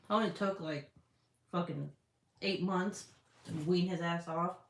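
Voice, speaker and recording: A woman's voice: fairly low pitch, fairly even intonation, fairly quick. A woman chatting casually with her livestream audience, candid and chatty, swearing freely as she talks. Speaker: livestream host. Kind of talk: casual chat. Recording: roomy echo.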